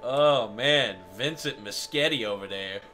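Joking, teasing man commenting on a co-op game: slow, bright, lively, faint music behind. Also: medium pitch. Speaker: gaming host. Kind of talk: casual co-op gameplay commentary.

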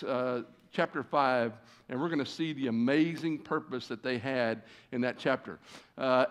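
A man of about sixty delivers a sermon to a big congregation. He tells stories in a folksy, self-deprecating way and fills his pauses with "uh." His voice sits a little higher than most men's. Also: a bit bright. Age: 60s. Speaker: guest preacher. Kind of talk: sermon with storytelling. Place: church stage before a large congregation.

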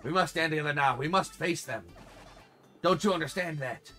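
A man's voice: on the high side, normal speed, sharp tone, faint music behind. A man reading the lines of an earnest young male creature who wants to lead his tribe, indignant and rallying.

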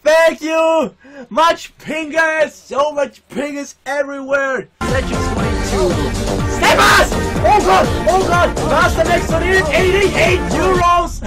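A young man livestreaming a game, shouting and swearing, overwhelmed and emotional, his voice strained from yelling. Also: very high-pitched, slow. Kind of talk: excited live game-stream commentary. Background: loud game music.

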